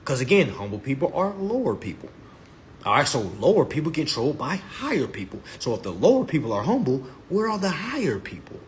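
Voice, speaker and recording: A man's voice: fairly quick, a little hiss or hum. Brash, profane man lecturing on a live stream. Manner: lively pitch swings. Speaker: instructor promoting his class. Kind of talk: casual live-stream monologue.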